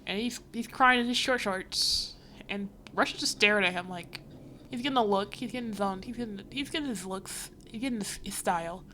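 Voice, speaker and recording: A woman's voice: medium pitch, fairly quick, sharp tone, slight background noise. A woman livestreaming as she reads a comic, giving a rambling, wry running commentary full of fillers. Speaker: livestreamer reading a comic aloud.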